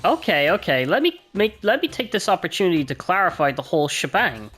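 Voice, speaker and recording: A woman's voice: lowish voice, big pitch swings, fairly quick, fairly bright tone, slightly rough, full character voice. Woman doing a gleeful mascot bear. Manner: gleeful, teasing explanation. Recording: game music behind.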